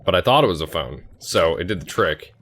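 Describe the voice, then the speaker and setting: A young man in his twenties with a low voice tells a long personal story in a loose, chatty way. He rambles, restarts and fills gaps with fillers as he plays a game on a headset mic. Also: expressive, a little fast, fairly bright tone. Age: 20s. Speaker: gaming YouTuber. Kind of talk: casual storytelling while playing a game.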